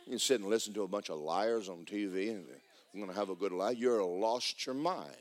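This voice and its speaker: A man preaching a sermon as pastor in a church, animated and emphatic with folksy humor. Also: lowish voice, fairly quick. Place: church sanctuary.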